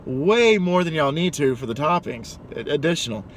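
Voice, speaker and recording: A man voicing a blunt, no-nonsense elderly woman who complains flatly and deadpan. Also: deep voice, normal speed, a little hiss or hum. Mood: complaining.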